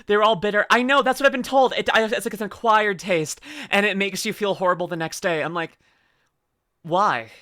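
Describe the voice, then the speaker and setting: A woman's voice: mid-range voice, steady tone, fast talker, hardly any pauses, a bit bright. Giggly, rambling woman streamer. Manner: giggly, rambling, lots of restarts and trailing asides. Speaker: streamer reacting to videos. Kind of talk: casual reaction commentary.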